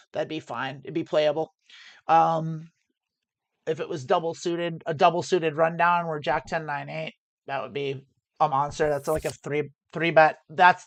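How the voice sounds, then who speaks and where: Thinking aloud about each hand, a woman gives live poker commentary as she plays and often restarts her sentences. Her voice is low-pitched, recorded with no room sound.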